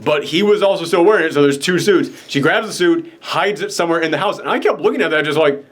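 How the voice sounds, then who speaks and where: Excited young guy gushing about a film. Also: on the high side, fast talker. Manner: animated, excited, acts out characters' lines. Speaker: podcast co-host reviewing a film. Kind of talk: casual chat.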